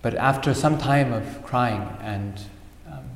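This man's voice is medium-pitched and creaky, and he takes his time. As a spiritual speaker, he delivers a sermon through an animated fable peppered with Sanskrit words, with the long reverb of an echoey hall around him.

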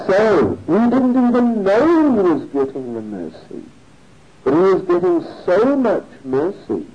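A man tells a religious story in a sermon, animated and often chuckling. His voice is fairly high, with a very lively pitch, and he speaks slowly and mellowly. The recording sounds dull and lo-fi.

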